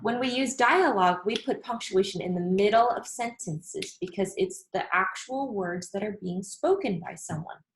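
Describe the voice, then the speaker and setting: A woman's voice: medium pitch, poor audio. A woman teacher giving a recorded lesson, explaining patiently and addressing her students directly. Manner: patient and deliberate, repeats and rereads examples aloud. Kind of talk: recorded remote classroom lesson.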